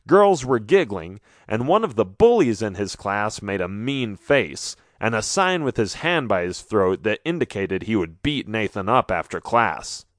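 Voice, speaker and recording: A man narrating a children's storybook in an expressive, animated way on a studio microphone. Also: fairly low pitch, no room sound. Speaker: audiobook narrator.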